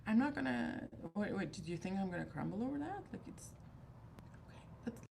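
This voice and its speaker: Gravelly-voiced woman in casual livestream chat. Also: medium pitch, sing-song, a little fast, warm tone, a little hiss or hum. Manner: rambling, candid, exasperated. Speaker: livestream host of a fragrance group.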